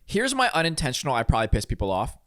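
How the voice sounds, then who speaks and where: A man co-hosting a podcast, chatting casually and delivering dry, deadpan jokes. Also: medium pitch, rapid-fire, no room sound. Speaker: podcast co-host. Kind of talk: casual comedic chat.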